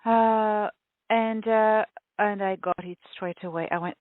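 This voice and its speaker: Halting woman guest on a tinny line. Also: medium pitch, fairly even intonation, no room sound. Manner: halting, many fillers and restarts, laughs often. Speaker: interview guest. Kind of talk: casual storytelling interview.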